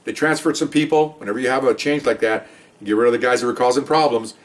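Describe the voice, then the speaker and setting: Male former police boss, rambling storyteller, rapid delivery, recorded at a distance. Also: mid-range voice. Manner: rambling, conversational, quotes others with animated voice. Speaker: retired police commander telling a story. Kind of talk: casual storytelling to camera.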